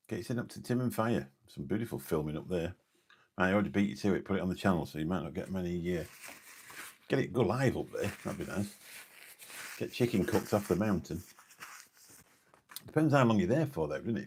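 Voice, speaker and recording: A man's voice: low-pitched, a little mellow, slight background noise. A man from Lincolnshire, chatting casually and jokily on a late-night live stream, rambling between viewers' comments. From Lincolnshire, England. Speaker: live streamer reading chat.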